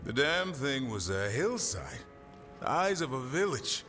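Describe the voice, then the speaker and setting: An actor playing a gruff male veteran fighter telling a monster story. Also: medium pitch, big pitch swings, unhurried, bright, forceful tone, in a large hall, soft background music. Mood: storytelling.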